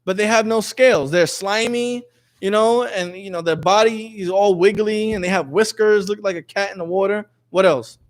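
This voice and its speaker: A man's voice: high voice, normal speed. A man teaching a lesson to a class, quizzing his students in a jokey way and reading passages aloud. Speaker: religious teacher.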